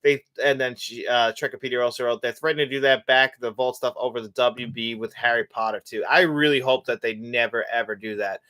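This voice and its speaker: A man's voice: medium pitch, fairly even intonation, brisk, hardly any pauses, sharp tone, smooth. A young man hosting a live show, chatting casually and reading out viewer comments, rambling with many fillers and restarts. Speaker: host of a live movie show.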